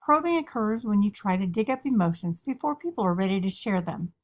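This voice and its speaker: Woman, earnest, friendly, lesson narration, slow emphatic poem reading. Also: medium pitch, animated.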